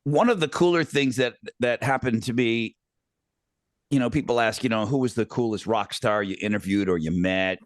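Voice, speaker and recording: A man's voice: mid-range voice, moderate pace, no echo, studio quality. A middle-aged man hosting a podcast, telling a rambling anecdote with lots of fillers. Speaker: podcast host. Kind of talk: casual storytelling chat.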